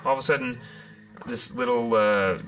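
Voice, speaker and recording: A man hosting a live-streamed tarot reading, theatrical and rambling, with loud bursts, muttered asides and many restarts. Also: mid-range voice, moderate pace, soft background music. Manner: rambling with frequent restarts and fillers.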